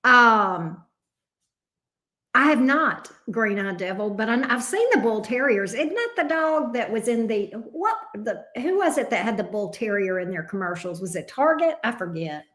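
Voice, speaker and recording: A woman's voice: a little high, lively intonation, moderate pace, a bit bright. A woman hosting a casual livestream. She greets viewers by name and coos affectionately over her dog. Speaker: tarot reader hosting a livestream. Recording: roomy echo.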